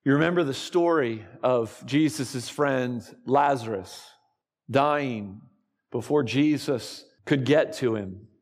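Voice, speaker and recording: Slow-preaching pastor in a reverberant hall. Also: male voice, mid-range voice. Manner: slow, deliberate preaching with dramatic pauses. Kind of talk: sermon.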